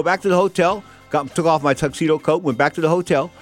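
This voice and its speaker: A man's voice: fairly high pitch, fast talker, few pauses, soft background music. A man hosting a talk radio show, telling long rambling stories with stock phrases.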